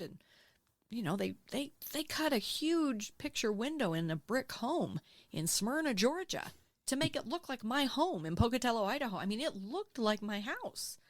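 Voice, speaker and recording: A woman in her sixties, a podcast guest, telling her own story in a candid, emotional, animated way and acting out what she said back then. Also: medium pitch, dry recording. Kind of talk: candid interview conversation. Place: podcast studio.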